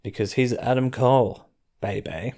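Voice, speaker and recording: A man's voice: mid-range voice, measured pace, a little mellow. An Australian man hosting a podcast, giving a casual, rambling wrestling recap full of chuckling asides. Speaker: podcast host.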